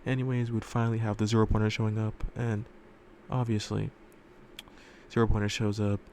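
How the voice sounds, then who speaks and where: Low gravelly guy rambling thru a fan story, tons of "like", flat delivery. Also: fairly quick, slight background noise. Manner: rambling, filler-heavy, casual swearing. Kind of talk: casual storytelling commentary. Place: room indoors at home.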